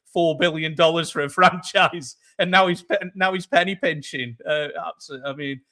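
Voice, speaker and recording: Bright-voiced chatty podcast host, man. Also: fairly high pitch, moderate pace. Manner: animated, says "mate" and "man" a lot. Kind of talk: casual sports chat.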